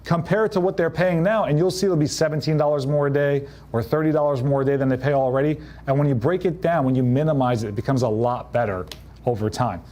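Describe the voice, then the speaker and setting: Energetic coach man, punchy delivery. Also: fairly high pitch, quick pace. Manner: punchy, acts out quoted clients in changed voices. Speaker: real estate coach. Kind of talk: live motivational business talk.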